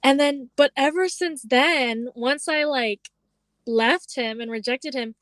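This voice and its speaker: A young woman talks through a story in a loose, chatty way, filling her sentences with "like" and acting out what others said. Her voice sits a little high. The sound is dry and close. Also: takes it slowly, a bit bright, dry recording. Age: young adult. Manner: chatty storytelling, heavy use of "like", acts out quoted lines. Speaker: podcast co-host. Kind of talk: casual chat.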